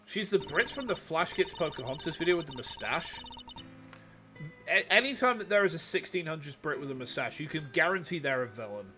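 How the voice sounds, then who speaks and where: Lively joking Yorkshire streamer. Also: male voice, a little high, a little fast. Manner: animated, crude, joking. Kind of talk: game stream commentary. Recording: game music underneath. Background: game music.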